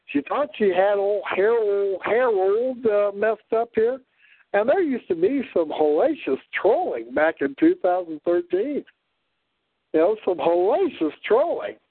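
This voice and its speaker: A man's voice: high-pitched, no echo. Tired, rambling man on a tinny line. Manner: meandering, many "you know" fillers. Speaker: host. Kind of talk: casual rambling monologue.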